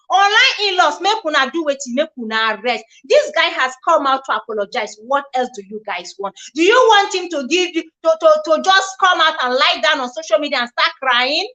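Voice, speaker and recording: A woman's voice: high-pitched, pushed and bright. A Nigerian woman hosting a live gossip stream, talking expressively, mixing in Pidgin and reading viewer comments aloud. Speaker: live show host.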